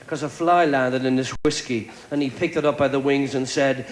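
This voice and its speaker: A man doing a stand-up comedy set of quick one-liners on a TV show. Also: fairly high pitch, animated. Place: TV studio with live audience. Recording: live TV show with crowd laughter and noise.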